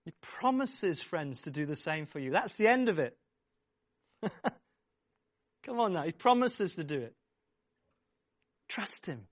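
Emphatic male preacher, slightly high voice. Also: big pitch swings, measured pace, long pauses, no room sound, dull audio. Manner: emphatic, repeats phrases, urges the congregation. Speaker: pastor. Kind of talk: sermon.

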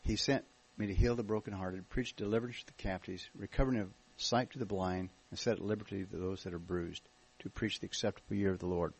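Husky American man preaching. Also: low voice, quick pace, few pauses, poor audio. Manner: jokey, relaxed storytelling with restarts. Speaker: guest minister. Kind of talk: church talk, testimony. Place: church meeting.

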